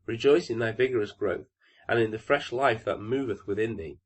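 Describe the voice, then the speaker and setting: A man's voice: lowish voice, expressive, moderate pace. A man voicing solemn, encouraging sunbeams. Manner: solemn, old-fashioned blessing.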